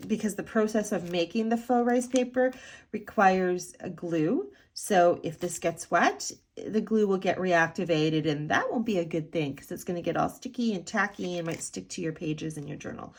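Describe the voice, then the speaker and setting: A woman's voice: fairly low pitch, slight background noise. A woman talking casually and chattily as she flips through a handmade art journal, with a sing-song lilt and many ums. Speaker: art journal maker showing her work. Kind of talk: casual flip-through commentary.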